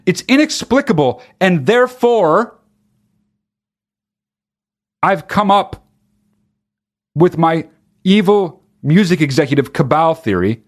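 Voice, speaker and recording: A man's voice: a little high, expressive, slow, pauses often. A man delivering a profane, exasperated comic rant, breaking into mock sung bits. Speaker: comedian. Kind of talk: stand-up style comic rant.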